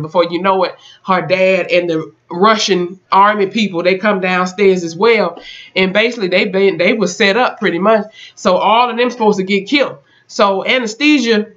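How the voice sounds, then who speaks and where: Lively slangy TV recap, muffled sound. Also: medium pitch. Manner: animated storytelling with slang and swearing; acts out characters' lines in quotes. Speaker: TV episode reviewer. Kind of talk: casual episode recap.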